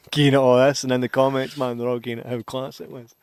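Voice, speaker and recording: A man's voice: medium pitch, level tone, normal speed, smooth, dry recording. A Scottish man in loose podcast banter, cursing casually and breaking into laughter. His voice sits in a middle register, recorded dry and close with no room around it. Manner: sweary, laughs often, drops to a mutter. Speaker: podcast co-host.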